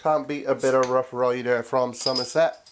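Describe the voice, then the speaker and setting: A man's voice: mid-range voice, steady tone, normal speed, noisy background. A man hosting a cooking show, chatting casually and jokily to viewers as he cooks. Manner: chatty and jokey, talks to viewers as mates.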